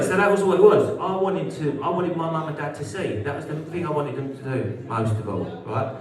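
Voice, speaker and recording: Sweary british comic guy on stage, bit high voice, big roomy hall, mic sounds far off. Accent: British English. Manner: brash, sweary, banters with the audience. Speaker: stand-up comedian. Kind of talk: live stand-up routine with crowd work. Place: social club comedy venue. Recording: roomy hall, heard from a distance. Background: audience laughter.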